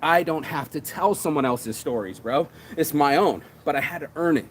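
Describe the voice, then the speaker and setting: A middle-aged man hosting a morning motivation show, talking fast and profane, calling everyone "bro". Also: on the high side, a little hiss or hum. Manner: profane, energetic, says "bro" a lot. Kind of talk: fired-up casual motivational rant.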